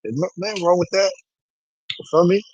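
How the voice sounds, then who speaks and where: A man, chatting casually to a live stream audience in an animated, rambling way, swearing often. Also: high-pitched, a little fast, breathy edge, no echo, highs cut off.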